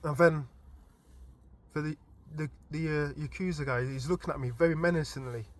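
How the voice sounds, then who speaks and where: A man casually telling a story from his dream as a vlogger, animated and informal, often stumbling and restarting his words. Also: a little high, normal speed. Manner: animated retelling with frequent stammered restarts; informal and chatty.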